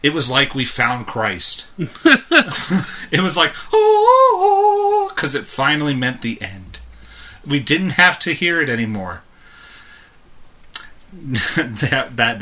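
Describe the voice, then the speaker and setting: Man, 30s, podcast co-host, casual chat, very bright sharp tone, rambling and chuckling. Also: mid-range voice. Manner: rambling storyteller, chuckles often.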